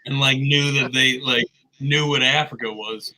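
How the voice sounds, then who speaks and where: A man's voice: medium pitch, fairly even intonation, moderate pace, pushed and bright, low-quality recording. A man in casual podcast chat, joking crudely and rambling with lots of swearing.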